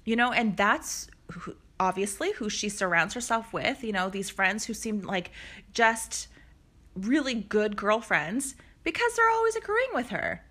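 Female podcast co-host, bright and sharp voice, teasing, laughs easily, casual swearing. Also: medium pitch, big pitch swings, unhurried. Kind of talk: casual reality-TV recap chat.

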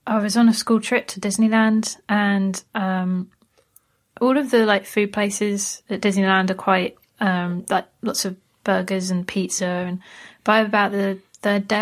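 A young woman from Britain co-hosting a podcast, telling a story in casual chat with many hesitations. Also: medium pitch. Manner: hesitant, many ums and likes. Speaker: podcast co-host.

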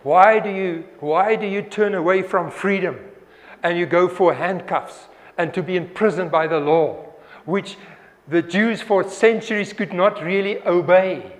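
High-voiced man preaching in a hall. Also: measured pace. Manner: earnest, repeats and restarts, acts out quoted voices. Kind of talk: sermon.

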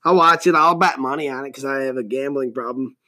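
A man's voice: mid-range voice, brisk, sharp tone. A man in his thirties hosting a solo podcast, rambling casually with lots of profanity and jokes. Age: 30s. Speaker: podcast host.

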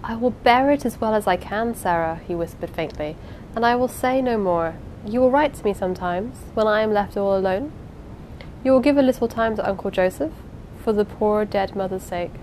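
A woman voicing a kindly old foreign man, a sorrowful uncle who speaks softly and pleadingly, in a storybook reading. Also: medium pitch, normal speed, slight background noise, close to an everyday voice, rough recording.

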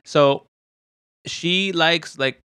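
A man's voice: very slow, clear, resonant tone, no echo, studio quality. A young man chatting casually on a podcast, acting out quoted lines in a raised voice as he tells stories. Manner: animated storyteller, acts out quotes in a high voice. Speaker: podcast co-host. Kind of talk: casual chat.

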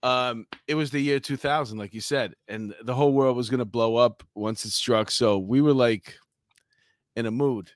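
A man's voice: medium pitch, moderate pace, no room sound, studio quality. A man, a former police officer co-hosting a casual chat and telling stories with laughs. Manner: animated storyteller, laughs through his anecdotes.

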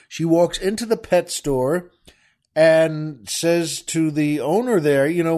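A man's voice: fairly high pitch, takes it slowly, darkish tone. A man hosting a podcast, casually telling a joke and chuckling as he rambles along with many fillers. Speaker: podcast host.

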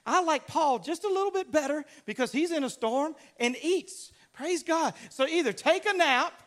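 Southern us pastor guy, really high voice, animated and funny storytelling sermon. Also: normal speed. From Louisiana, US.

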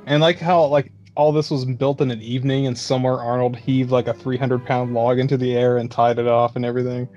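A man's voice: medium pitch, flat delivery, fairly quick, hardly any pauses, a little mellow, muffled recording, faint music behind. A man chatting casually about a movie, joking and swearing as he reacts. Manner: laughing, profane banter.

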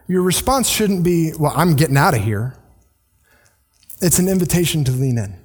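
This pastor's voice is a little high, husky and darkish, with lively intonation and a brisk pace. Preaching conversationally in a church sanctuary, he often begins sentences again and acts out quoted speech.

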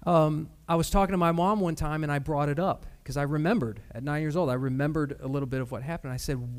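Pria berkhotbah dengan sungguh-sungguh. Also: male voice, a little high, a little mellow. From Michigan. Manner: earnest, measured, with many pauses and fillers. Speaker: preacher. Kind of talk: sermon with personal testimony.

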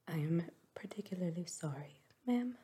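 A woman voicing a reserved, formal gentleman colonel in a whispered role-play reading. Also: fairly low pitch, lively intonation, moderate pace, lightly acted. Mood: grave.

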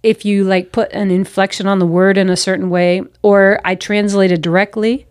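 A woman's voice: medium pitch, little pitch movement, moderate pace, darkish tone, dry recording, studio quality. A missionary pastor, a woman, earnestly telling personal stories in an interview. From United States. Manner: earnest, reflective, acts out her own past self-talk.

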